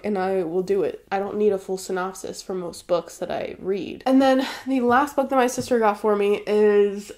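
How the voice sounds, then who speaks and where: A woman hosting her own channel, chatting to camera in a gushing, excitable way while unboxing gifts. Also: mid-range voice. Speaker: booktube host. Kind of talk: casual chat to camera, unboxing.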